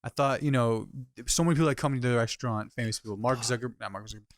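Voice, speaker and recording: A young man speaks at an ordinary mid pitch, co-hosting a casual podcast. He listens eagerly and cuts in with short reactions and asides. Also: rapid-fire. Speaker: podcast co-host. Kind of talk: casual chat.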